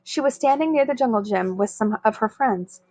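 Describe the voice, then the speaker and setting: A woman's voice: fairly high pitch, lively intonation, moderate pace, dark tone, no echo. Woman reading a children's book aloud. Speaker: story reader.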